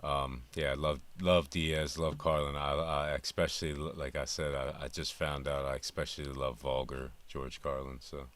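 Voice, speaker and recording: A man speaks casually to his viewers in an extremely deep, low voice, relaxed and halting as he thanks commenters between clips. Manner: relaxed, halting, with many fillers. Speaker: reaction video host.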